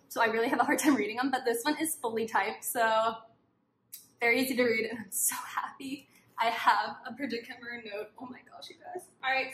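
A high, bright woman's voice, bubbly and gushing as she chats to her viewers about what she unboxes. The sound is roomy and echoey, with a faint hiss of background noise behind her. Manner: gushing, excited, talks to viewers. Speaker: book vlogger. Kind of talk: casual unboxing chat.

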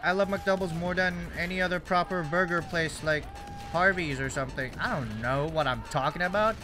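Speaking a little fast over music, a young gaming YouTuber from Canada jokes and rambles through casual commentary on his gameplay, self-deprecating throughout. His voice has a fairly high pitch.

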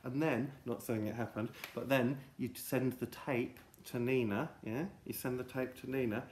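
A man hosts a silly mock lesson for children, rambling in a deadpan way that swings from loud to hushed. His voice sits at a middling pitch. The room around him is echoey. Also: moderate pace, a little hiss or hum. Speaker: comedy presenter of a children's show. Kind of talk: absurd mock lesson for kids. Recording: roomy echo.

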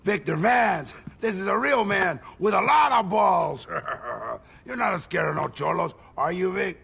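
Umberto: a loud flamboyant gang boss. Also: male voice, high-pitched, animated, a little slow, gravelly, slightly rough, full character voice. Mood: boastful. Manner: loud, boastful, theatrical shouting. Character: brash flamboyant male Cuban gang boss. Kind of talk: video game cutscene acting.

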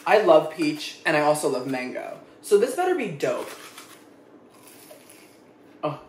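A man's voice: a little high, sing-song, measured pace, slight background noise. A young man in a casual food-tasting vlog, talking dramatically and expressively, swearing freely as he reacts. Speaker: food vlogger. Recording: echoey room.

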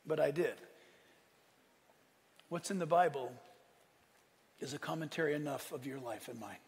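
A man preaching a sermon, lively, acting out quotes and asking his listeners questions. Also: fairly high pitch, normal speed, gravelly, in a large hall. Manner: animated preaching, acts out quotes, asks the room. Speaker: pastor.

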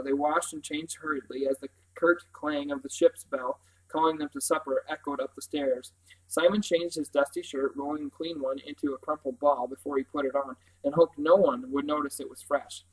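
A man with a somewhat high voice reads a children's novel aloud. His delivery is unpolished, with small stumbles that he goes back and fixes. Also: low-quality recording. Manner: unpolished, stumbles and corrects himself. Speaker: reader.

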